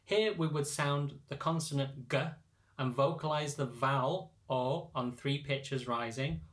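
A man who teaches choir singers, calmly explaining step by step how to read lyrics in sheet music. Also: mid-range voice, a little slow. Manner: patient, methodical explaining. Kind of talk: instructional narration.

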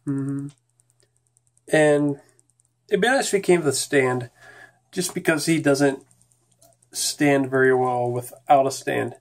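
A man chatting through a casual toy figure review, relaxed and unhurried. He trails off and restarts now and then, keeping it easygoing. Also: medium pitch.

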